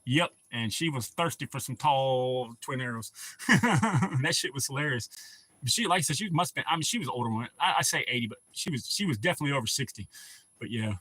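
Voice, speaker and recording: A man's voice: medium pitch, expressive, a little fast, fairly bright tone, slightly rough, dry recording. A man hosting a casual livestream, telling rambling, profane stories and laughing at his own jokes. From North Carolina. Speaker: livestream host.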